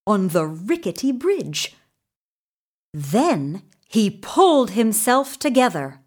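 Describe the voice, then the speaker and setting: A woman narrating a children's storybook with expressive, animated storytelling. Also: medium pitch, takes it slowly. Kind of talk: storybook reading.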